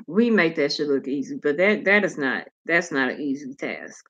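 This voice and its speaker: A woman's voice: deep voice, expressive, normal speed, a bit bright, dull audio. Candid slangy woman chatting on her stream. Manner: loose, slangy and candid, with frequent swearing. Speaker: host of her own talk channel. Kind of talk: casual livestream chat reading viewer comments.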